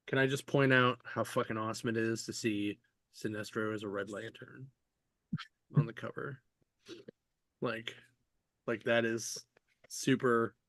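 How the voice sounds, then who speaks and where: A man's voice: medium pitch, no echo, clean studio sound. A man hosting a podcast, chatting casually and rambling with lots of fillers and the odd swear. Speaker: podcast host. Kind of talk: casual chat.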